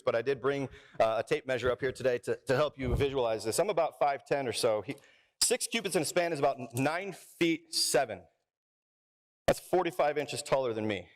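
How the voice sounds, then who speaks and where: A man preaching a sermon as pastor, playful and jokey, with lively asides and crowd work with his congregation. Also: medium pitch. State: out of breath. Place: church sanctuary.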